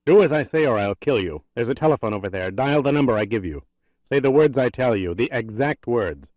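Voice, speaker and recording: A man's voice: mid-range voice, animated, a little fast, darkish tone, no room sound, lo-fi sound, close to an everyday voice. A man reading an audiobook, voicing a desperate, commanding army major who barks threats. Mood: threatening. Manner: barking threats.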